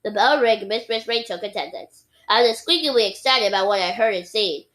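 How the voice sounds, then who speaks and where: A woman's voice: medium pitch, fairly quick, a bit bright, low-quality recording. A woman reading a children's book aloud expressively, with playful sound effects and occasional slips. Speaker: reader.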